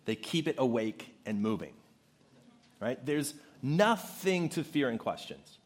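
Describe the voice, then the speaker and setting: Male pastor, conversational sermon delivery, lively and expressive pitch, animated storyteller. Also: a little slow, husky.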